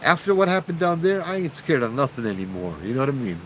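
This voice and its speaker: A man's voice: mid-range voice, quick pace, a little hiss or hum, low-quality recording. Slangy man telling a ghost story. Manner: animated and slangy, acting out what people said. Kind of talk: casual spoken ghost story.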